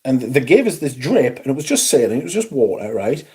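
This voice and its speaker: A man's voice: medium pitch, very animated, quick pace, a little mellow. A middle-aged man, hosting a casual livestream and telling rambling, sweary stories while reading out chat. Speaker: livestream host.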